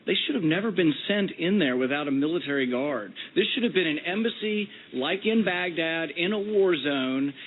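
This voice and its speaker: A man, a senator, pressing a witness with insistent, repetitive points at a formal hearing. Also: fairly high pitch. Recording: tinny phone-like archive clip.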